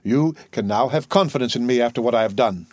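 A man doing a stern magistrate in an audiobook, measured and formal. The voice sits in a middle range and keeps a stiff, controlled manner. It is read close and dry, with no room around it. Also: medium pitch, a little mellow, no room sound, natural voice. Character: anxious stern male magistrate. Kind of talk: audiobook character voice.

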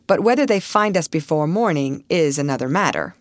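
A woman's voice: low-pitched, expressive, brisk, no room sound. A woman reading the part of a serious young man who speaks in a grim, matter-of-fact way.

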